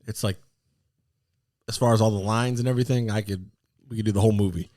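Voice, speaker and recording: A man co-hosting a casual podcast chat, rambling with lots of fillers and sudden excited outbursts. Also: lowish voice, fast talker, no echo, clean studio sound. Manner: animated, excitable bursts between rambling fillers. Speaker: podcast co-host.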